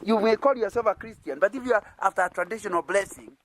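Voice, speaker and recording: A Kenyan man preaches an interactive sermon, talking fast in a high voice and constantly engaging his listeners with rhetorical questions and chuckles. Crowd noise is audible.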